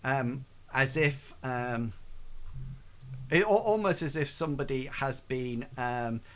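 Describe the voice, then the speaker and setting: Male game master, slow and meandering, mid-pitched, lots of pauses. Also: fairly bright tone. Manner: halting, filler-heavy narration. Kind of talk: narrating a tabletop game.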